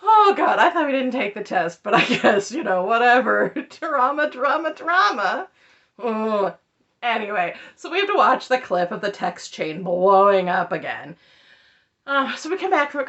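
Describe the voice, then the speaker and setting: A woman's voice: medium pitch, fairly bright tone, dull audio. A woman giving casual, sarcastic recap commentary on reality TV, with chatty asides, recorded at home under a ring light.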